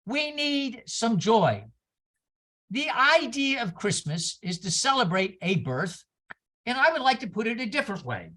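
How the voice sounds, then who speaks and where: Animated, bright-voiced woman preaching. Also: on the high side, a little slow. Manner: animated storytelling, exclamations and asides to the congregation. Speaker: minister. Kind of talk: sermon. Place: church service.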